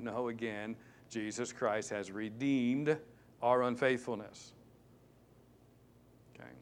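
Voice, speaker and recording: A male pastor preaching a sermon, emphatic and repetitive, swinging between loud stresses and hushed asides. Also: mid-range voice. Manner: repeats key words for stress.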